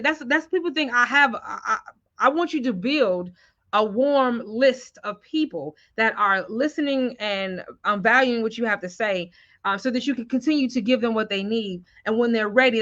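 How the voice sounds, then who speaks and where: A woman with a fairly high, bright and forceful voice coaches her viewers on a live stream. She keeps stopping to ask whether they follow her, and the sound is muffled and lo-fi. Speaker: sales coach.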